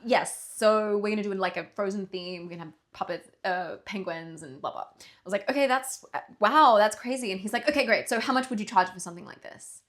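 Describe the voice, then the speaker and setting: A young woman with a mid-range voice talks fast while telling a story on the podcast she co-hosts. Chatting casually, she animatedly voices the characters she quotes and drops the odd swear word.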